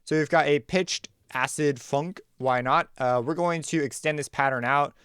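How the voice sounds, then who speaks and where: A man hosting a music production tutorial, talking casually and thinking aloud as he walks through a software workflow. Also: fairly high pitch, moderate pace, clean tone, dry recording. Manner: relaxed, conversational, thinks aloud while clicking. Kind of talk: screen-recorded software tutorial.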